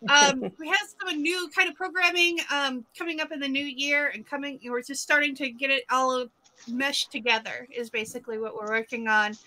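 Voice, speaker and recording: A woman's voice: sits high, fairly even intonation, normal speed, sharp tone, poor audio. A woman in her forties hosting a casual livestream chat, rambling with many fillers and restarts. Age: 40s. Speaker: livestream host.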